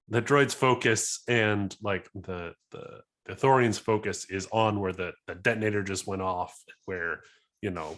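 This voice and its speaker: A man's voice: sits low, a bit bright. A man playing a tabletop game, describing his character's actions in a rambling, casual way. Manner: rambling, filler-heavy. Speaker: player.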